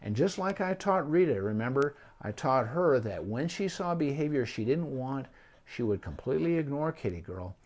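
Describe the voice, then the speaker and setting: Relaxed middle-aged man giving pet advice. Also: medium pitch, moderate pace. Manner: conversational, with frequent ums and restarts. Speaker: veterinarian. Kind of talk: unscripted advice talk.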